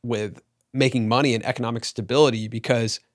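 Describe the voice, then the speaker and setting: Man in his 30s, interview host, measured questions, middle pitch, dry room. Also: fairly even intonation, no room sound. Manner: thoughtful, frames questions with stats, restarts.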